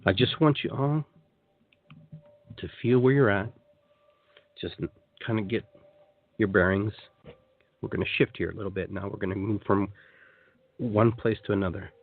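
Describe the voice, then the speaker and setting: A man with a lowish voice speaks at normal speed, leaving long pauses, over tinny phone-line sound. The radio host and shamanic guide enthusiastically chats on his live call-in show and guides a meditation, repeating and restarting frequently.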